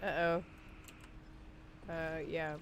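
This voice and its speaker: A woman's voice: sits low, little pitch movement, extremely slow, dull audio, slight background noise. A woman co-hosting a podcast, chatting casually and giggling while playing a game on a livestream. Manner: giggly, chatty, lots of fillers. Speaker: podcast co-host.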